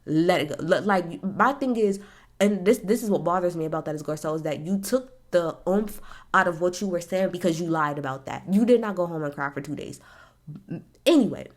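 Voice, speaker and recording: Blunt, animated woman recapping reality TV. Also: on the low side, fairly quick. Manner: blunt, animated, swears freely, talks straight at the people she discusses. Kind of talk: casual opinionated recap.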